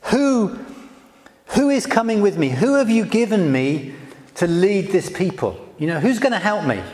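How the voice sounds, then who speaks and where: A man voicing a panicked prophet who pleads for help with a huge task, his voice jumping up high. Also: animated, normal speed, a little mellow, echoey room, long reverb tail.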